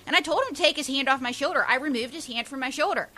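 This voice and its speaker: A woman's voice: high voice, rapid-fire, sharp tone, soft background music. A woman from Pittsburgh with a Pittsburgh accent, telling brash, profane stories in a casual group chat. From Pittsburgh, USA.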